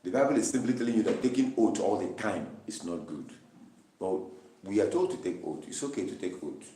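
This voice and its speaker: Deep-voiced man teaching scripture. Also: animated, fairly quick, warm tone, slight background noise. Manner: repeats phrases emphatically, reads verses and explains them. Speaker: Bible study teacher. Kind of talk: Bible study teaching. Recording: roomy, distant mic.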